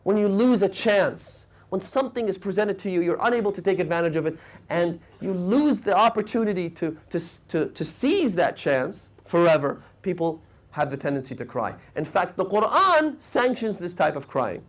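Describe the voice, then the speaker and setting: A man giving a sermon, telling stories with rising emotional peaks and sudden hushed drops. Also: high voice, lively intonation, moderate pace. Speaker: preacher. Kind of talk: sermon lecture. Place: mosque lecture hall.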